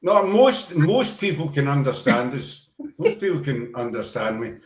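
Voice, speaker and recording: A man's voice: mid-range voice, very animated, moderate pace, echoey room. A Scottish man with a Glasgow-area accent hosting a casual live-stream chat, rambling and self-mocking. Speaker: podcast host.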